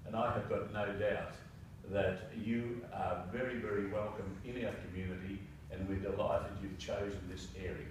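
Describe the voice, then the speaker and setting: Man presiding over ceremony, formal, hesitant, lowish voice, distant echoey room. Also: little pitch movement, normal speed, few pauses, noisy background. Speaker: council presiding officer. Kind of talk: formal ceremony speech and reading. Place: council meeting room. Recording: echoey council chamber from far off.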